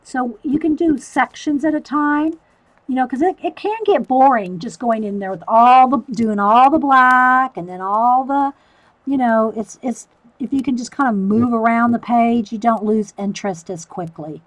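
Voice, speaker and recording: A woman's voice: a little high, moderate pace, poor audio. A woman hosting a live stream, chatting casually through a coloring demo and answering viewer comments.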